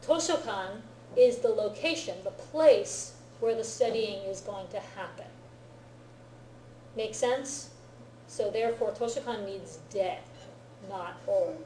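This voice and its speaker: A woman's voice: mid-range voice, slow pace, dark tone, a little hiss or hum. A woman teaching a Japanese grammar lesson to a class, often checking understanding with "right?" and "okay?". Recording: roomy classroom echo.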